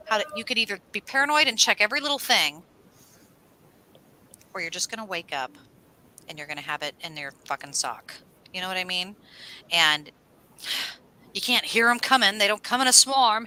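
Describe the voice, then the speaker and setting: A woman co-hosting an astrology livestream, telling rambling stories in a casual, animated way and swearing now and then. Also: mid-range voice, moderate pace, long pauses, slight background noise, poor audio. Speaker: astrology show co-host.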